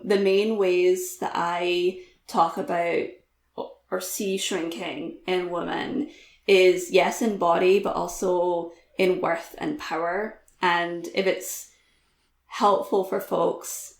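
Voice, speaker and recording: A woman's voice: fairly low pitch, creaky, reverberant. A woman guest author talking candidly in a podcast interview, laughing easily, with lots of "like" and "um".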